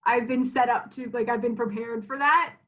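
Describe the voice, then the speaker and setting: A woman's voice: on the high side, fairly even intonation, normal speed, a bit bright, a little hiss or hum. A woman co-hosting a podcast, chatting casually in an easygoing way, laughing along. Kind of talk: casual chat.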